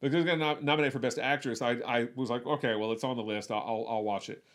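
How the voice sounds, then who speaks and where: A man's voice: medium pitch, fairly even intonation, fast. A man co-hosting a podcast, chatting casually about movies, restarting sentences and repeating words as he goes. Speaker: podcast co-host.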